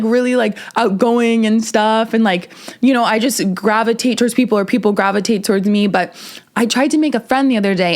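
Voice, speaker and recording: A woman in her twenties talking casually to camera in a self-help vlog, chatty, with lots of filler words and big pitch jumps when she quotes herself. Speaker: vlogger.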